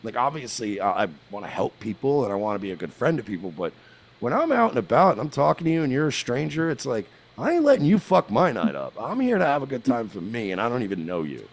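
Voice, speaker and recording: A man's voice: medium pitch, very animated, quick pace. A man from the United States telling crude, boastful stories in casual chat, with frequent restarts.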